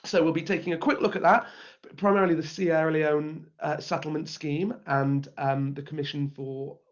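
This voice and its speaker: Guy kinda croaky, chatty livestream host, a bit higher voice, dull lo-fi audio. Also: little pitch movement, moderate pace. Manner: chatty, greets viewers by name. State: slightly croaky from a cold. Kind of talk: live-streamed chat.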